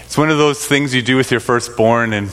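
A man's voice: mid-range voice, fairly quick, very noisy. A middle-aged man telling a rambling personal story to a congregation, full of fillers and restarts. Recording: long reverb of a large hall.

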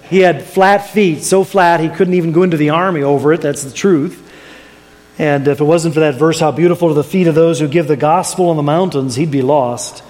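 An older man tells a sermon story in a folksy, chuckling way. His voice sits a little high for a man. It rings out in a large church with a long reverb tail. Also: darkish tone. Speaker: preacher.

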